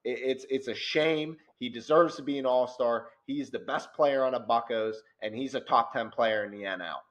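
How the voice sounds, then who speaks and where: A man co-hosting a casual sports podcast, talking animatedly and growing loud and worked up as he rants. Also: medium pitch, moderate pace. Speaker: podcast co-host.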